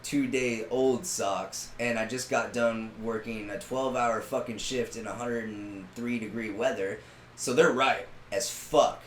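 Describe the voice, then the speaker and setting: A man co-hosting a podcast, telling a story in a loud, profane, animated way and laughing often. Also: medium pitch, reverberant, slight background noise. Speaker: podcast co-host. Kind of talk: casual storytelling chat.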